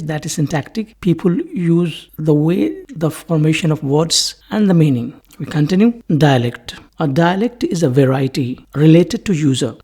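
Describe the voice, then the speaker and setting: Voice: medium pitch, breathy edge. A lecturer giving a recorded English lesson, explaining steadily and restating each point as a list of near-synonyms. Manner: steady, explanatory teaching delivery.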